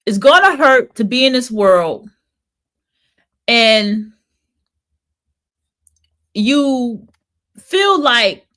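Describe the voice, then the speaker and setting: A woman in her thirties hosts a podcast and vents in a blunt, profane, emphatic monologue. Her slightly high, somewhat bright voice is very animated, yet she talks extremely slowly and pauses often.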